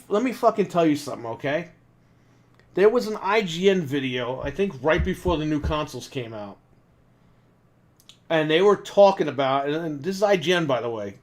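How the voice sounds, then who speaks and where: A man co-hosting a gaming podcast, ranting casually, in a heated and profane way. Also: a little high. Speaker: podcast co-host. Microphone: desk microphone.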